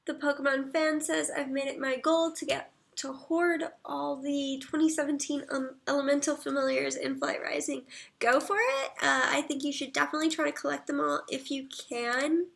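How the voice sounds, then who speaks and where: A woman livestreaming, chatting casually, reading viewer comments aloud and murmuring soft asides. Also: sits high, steady tone, normal speed, creaky.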